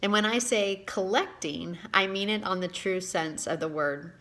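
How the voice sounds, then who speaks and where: A woman in her forties from Indiana, an author who records a personal video and reads aloud from her book, emotional and halting at times. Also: mid-range voice, a bit bright. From Indiana, USA. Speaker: author and giving speaker.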